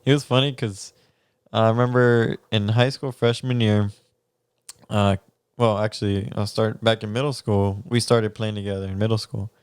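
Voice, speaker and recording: A man's voice: fairly low pitch, steady tone, normal speed, clear, resonant tone, no echo. A young man, co-hosting a podcast and telling a story in casual chat, laughing often and swearing casually. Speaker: podcast co-host.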